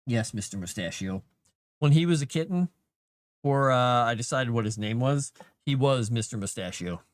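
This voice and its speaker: A man's voice: medium pitch, animated, normal speed, no echo. A man, an author, chatting casually with his viewers on a live stream and cooing at his cat between thoughts.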